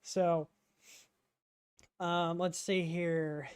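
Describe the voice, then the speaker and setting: A man's voice: on the high side, level tone, drawn-out words, clear, resonant tone, no echo, clean studio sound. Chatty Midwestern man hosting a livestream. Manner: rambling, chatty, reads out chat messages, frequent ums. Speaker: livestream host answering chat questions. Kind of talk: casual livestream Q&A.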